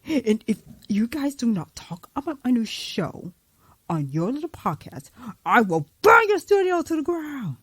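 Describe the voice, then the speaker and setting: A woman voicing a menacing male trickster god villain who speaks in a hushed, threatening mutter. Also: fairly high pitch, very animated, measured pace, slightly rough, no echo, heavily acted.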